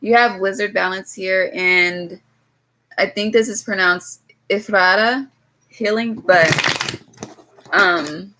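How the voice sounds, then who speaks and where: Bright-voiced woman giving a blunt tarot reading. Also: mid-range voice, slow pace, long pauses, slight background noise, low-quality recording. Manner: blunt, swears freely, talks straight to viewers; loose and chatty, drifts into asides. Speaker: tarot reader.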